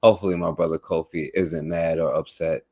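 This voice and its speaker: A male talk radio host speaking casually, laid-back and loose, with many fillers as he gives shout-outs. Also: sits low, level tone, brisk.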